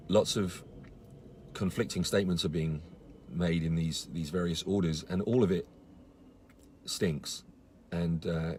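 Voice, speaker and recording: A man's voice: sits low, a little mellow, a little hiss or hum. A man giving a casual live-stream update to followers, earnest and indignant, with many fillers and restarts. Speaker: campaigner on a live video.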